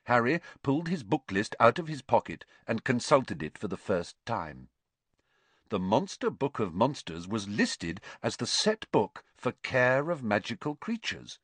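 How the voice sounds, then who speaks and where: A man reading an audiobook aloud in an expressive, theatrical storytelling manner. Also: mid-range voice, a little slow, slightly rough, no room sound. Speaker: audiobook narrator.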